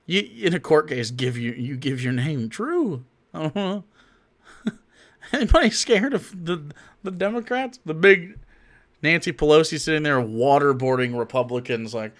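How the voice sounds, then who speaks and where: A man's voice: fairly high pitch, lively intonation, normal speed. A man streaming political commentary, mocking and heckling a clip with a lot of swearing.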